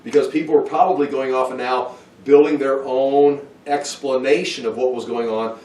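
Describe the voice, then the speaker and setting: A man's voice: medium pitch, steady tone, moderate pace, darkish tone. Roomy, distant man teaching Bible study. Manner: thinking aloud, with restarts and asides. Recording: roomy, from far off the mic.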